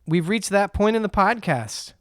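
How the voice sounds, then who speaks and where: Man, podcast co-host, casual relaxed chat, fairly high pitch, dry close sound. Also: dry recording. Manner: relaxed, agreeable, quick to laugh.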